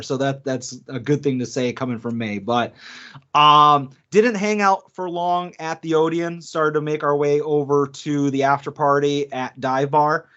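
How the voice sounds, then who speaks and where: A man co-hosting a podcast, telling stories casually, acting out quotes and laughing often. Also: on the high side. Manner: animated storyteller, acts out quotes, laughs often. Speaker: podcast co-host. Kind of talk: casual chat. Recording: dull lo-fi podcast audio.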